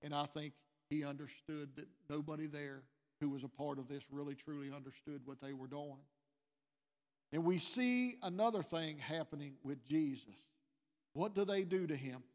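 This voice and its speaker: Earnest preacher in a reverberant church. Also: male voice, a little high, normal speed. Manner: earnest preaching, repeating phrases, swelling louder on key lines. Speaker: pastor. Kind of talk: sermon. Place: church sanctuary.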